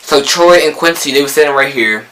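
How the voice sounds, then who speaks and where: A man's voice: on the high side, fairly quick, bright, forceful tone, low-quality recording. A young man from New Jersey with a local accent, telling a rambling storytime vlog full of quoted dialogue. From Newark, New Jersey. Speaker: vlogger. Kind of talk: casual storytime.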